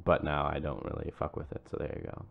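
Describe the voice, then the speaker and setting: Man, podcast co-host, rapid jokey banter, muffled lo-fi sound. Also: extremely low pitch, vocal fry. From United States. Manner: quick, joking, deadpan asides. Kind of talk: casual chat.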